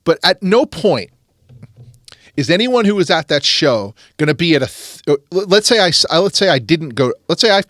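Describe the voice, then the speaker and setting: A man hosting a podcast, telling a story in a lively, rambling way with quick restarts. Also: on the high side, dry recording, studio quality. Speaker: podcast host. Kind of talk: casual storytelling chat.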